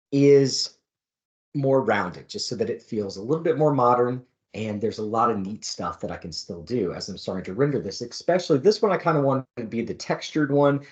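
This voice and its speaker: A man talking through a design demo as an instructor, in a relaxed, explanatory way with fillers and light jokes. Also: lowish voice, muffled recording. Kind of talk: screen-recorded design demo.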